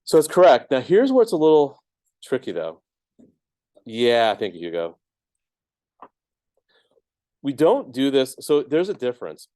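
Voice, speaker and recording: A man's voice: mid-range voice, huge pitch swings, unhurried, long pauses, mellow, no room sound. A man teaching a math class, explaining each step casually with lots of ums and checks of "right?". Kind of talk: classroom lecture.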